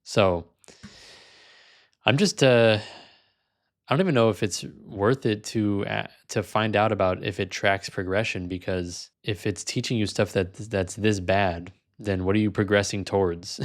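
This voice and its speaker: Lower-voiced man, casual vlog talk. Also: steady tone, unhurried. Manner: casual, frank, sometimes amused. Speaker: language learner and video host.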